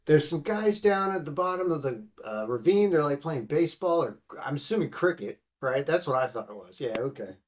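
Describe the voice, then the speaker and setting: Rambling, profane man with a higher voice. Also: expressive, brisk, hardly any pauses. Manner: rambling and profane, full of fillers. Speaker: podcast host. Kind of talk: casual film-recap chat.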